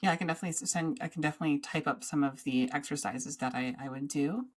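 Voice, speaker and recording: A woman co-hosting a podcast in casual chat, talking in a rambling, halting way with many restarts. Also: sits low. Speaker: podcast co-host.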